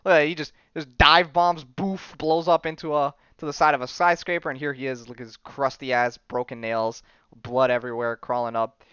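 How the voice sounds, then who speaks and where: A man's voice: medium pitch, little pitch movement, normal speed, bright, forceful tone, clear, resonant tone, no room sound, lo-fi sound. A young man hosting a casual podcast, rambling through a comic book story with laughs and acted-out lines. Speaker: podcast host.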